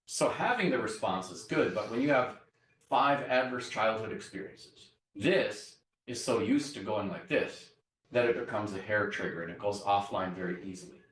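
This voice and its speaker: A man's voice: fairly low pitch, moderate pace, a bit bright. A man lecturing to a university class. He explains step by step and often checks in with the students by asking "right?". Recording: echoey classroom, mic far off.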